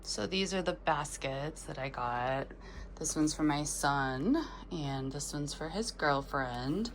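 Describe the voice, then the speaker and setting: A middle-aged woman talks slowly and softly in a low voice, as if chatting to a friend in her vlog. Behind her there is clear outdoor noise, with chickens and a rooster now and then. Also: animated. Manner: soft, talks sweetly to animals in a high voice. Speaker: vlogger. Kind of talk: casual vlog narration. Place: outdoors in the snow on a small farm. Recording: outdoor noise with farm animals.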